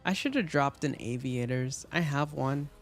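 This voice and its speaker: A man's voice: medium pitch, normal speed, faint music behind. A man chatting casually and rambling with lots of fillers as he streams a game. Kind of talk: casual gaming stream chat.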